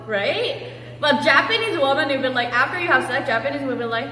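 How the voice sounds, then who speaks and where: Chatty high-voiced woman in an echoey room. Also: animated, brisk, pushed and bright. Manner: chatty, mimics voices while retelling a conversation. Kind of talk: casual storytelling. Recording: echoey room with faint hum.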